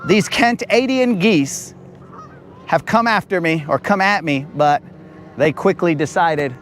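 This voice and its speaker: High-pitched, jokey fishing streamer, a bit raspy, with faint outdoor noise. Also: male voice, a little slow, a bit bright. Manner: slangy, joking, talks to chat as bro and dog. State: slightly raspy from talking. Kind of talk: casual live-stream chat. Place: on a boat on a lake, outdoors.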